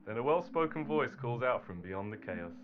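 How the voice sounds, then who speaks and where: A man narrating a storybook tale in an animated, theatrical manner. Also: mid-range voice, moderate pace, noisy background. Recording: dull recording under loud guitar music.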